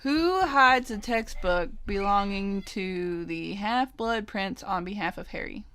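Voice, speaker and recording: A woman's voice: medium pitch, takes it slowly, fairly bright tone, clear, resonant tone. A young woman co-hosting a podcast, reading trivia questions and teasing her friend, laughing often. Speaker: podcast co-host, quizmaster. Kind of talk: casual chat over a trivia board game.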